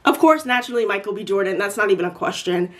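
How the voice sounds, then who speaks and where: A woman's voice: mid-range voice, animated, quick pace. Young woman, casual vlog chat, rambling, lots of filler words. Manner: chatty, rambling with many "like" and "um". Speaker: vlogger answering viewer questions.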